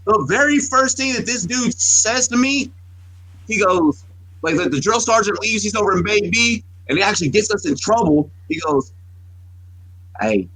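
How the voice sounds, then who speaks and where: A man in his thirties co-hosting a sports podcast, speaking in a husky, slightly raised voice. He tells long, profane stories and keeps backing up to restart his sentences. The mic is close and the sound is dry. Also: high voice, lively intonation, normal speed, a bit bright, dry recording, low-quality recording. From United States. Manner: profane, rambling storyteller with many restarts. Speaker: podcast co-host. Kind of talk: casual sports talk.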